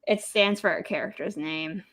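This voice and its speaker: Bright-voiced young woman hosting a livestream. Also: mid-range voice, moderate pace. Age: young adult. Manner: chatty, reads out viewer comments. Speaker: livestream host, author. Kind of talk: casual livestream chat.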